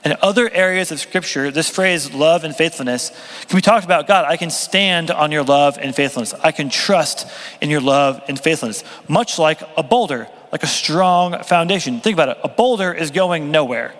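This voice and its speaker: A man's voice: on the high side, moderate pace. A young man preaching a sermon in a casual, joking, conversational way. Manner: conversational, self-deprecating humor, lively. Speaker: pastor. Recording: long reverb of a hall.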